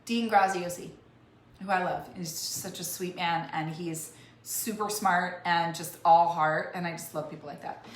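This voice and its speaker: In an echoey room with faint noise, a woman life coach gives a heartfelt, emotional motivational talk to camera. Her voice is fairly low and steady, her pace measured, and she often restarts her phrases.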